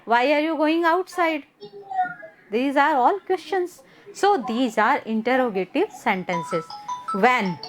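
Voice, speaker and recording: Young Indian woman, high voice, grammar teacher who switches between Hindi and English. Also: animated, slow, faint music behind. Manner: mixes Hindi and English, repeats words for drilling. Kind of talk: online class lesson.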